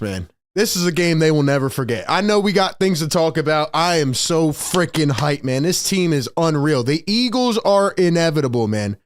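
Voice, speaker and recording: High-voiced, hyped sports fan host. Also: male voice, animated, fairly quick, dry recording, clean studio sound. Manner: hyped, emphatic, keeps repeating "man". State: straining his voice from excitement. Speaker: postgame show host. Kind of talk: live fan postgame commentary.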